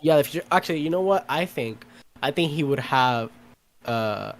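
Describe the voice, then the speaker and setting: A man co-hosting a podcast in relaxed chat, agreeable and quick to laugh, with stumbling restarts. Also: fairly high pitch, slight background noise. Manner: easygoing, agreeable, frequent fillers and laughter. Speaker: podcast co-host. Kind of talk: casual chat.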